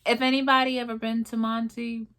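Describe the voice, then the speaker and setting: Bright-voiced woman telling a story. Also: on the high side, a little fast. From New York, USA. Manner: animated retelling, acting out dialogue. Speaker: mother telling her son's story. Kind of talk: casual storytelling vlog.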